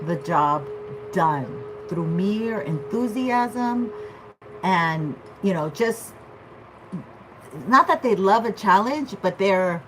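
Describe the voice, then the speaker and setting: A woman's voice: medium pitch, expressive, slow, fairly bright tone, a little hiss or hum, low-quality recording. A woman giving a casual tarot reading, chatty and loose, often checking in with "okay?". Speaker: tarot reader.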